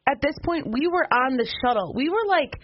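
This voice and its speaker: A woman co-hosting a casual radio chat, talking in a chatty way with quick reactions. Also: high-pitched, animated. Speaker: co-host. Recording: dull lo-fi radio audio with faint noise.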